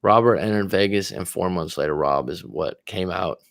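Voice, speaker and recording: A man who is a life coach hosts a livestream, chatting casually, swearing freely and reacting to viewer comments. His voice is deep and gravelly at a normal speed. The recording is dry, clean studio sound.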